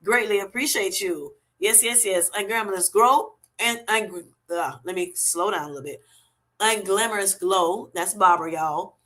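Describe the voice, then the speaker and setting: A middle-aged woman hosting a casual livestream, chatting warmly and thanking viewers by name. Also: medium pitch, normal speed. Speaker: livestream host. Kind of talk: casual livestream chat, reading comments.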